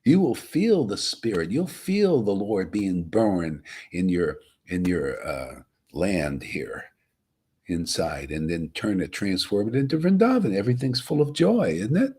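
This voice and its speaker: A man's voice: fairly low pitch, sing-song, measured pace, darkish tone, breathy edge. A man giving a rambling, casual devotional talk as a spiritual teacher.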